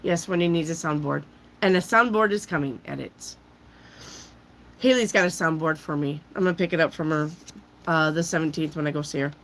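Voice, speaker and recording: A woman giving a casual tarot reading while she has a cold, chatty and loose, often clearing her throat. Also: deep voice, a little fast, a bit bright, slight background noise, rough recording. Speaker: tarot reader.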